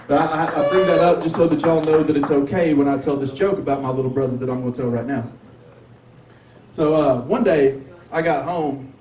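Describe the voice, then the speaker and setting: A man's voice: medium pitch, background noise. A man from Tennessee with a Southern accent, doing open mic stand-up in a drawling, conversational way and swearing freely. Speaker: stand-up comedian. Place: sports bar with a light crowd. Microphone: 360 camera from across the room. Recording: echoey bar from far off.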